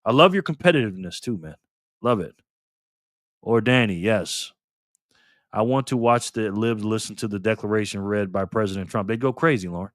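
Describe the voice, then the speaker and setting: A man's voice: on the low side, moderate pace, no echo, studio quality. An older man hosting a livestream alone at his desk, upbeat as he greets viewers by name and thanks them for donations. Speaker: livestream host. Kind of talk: casual livestream chat, reading donations. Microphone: desk mic facing a camera.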